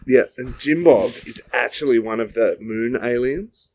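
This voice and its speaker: A man's voice: medium pitch, unhurried, darkish tone. A man co-hosting a podcast, improvising a comic story in a rambling, jokey way. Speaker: podcast co-host.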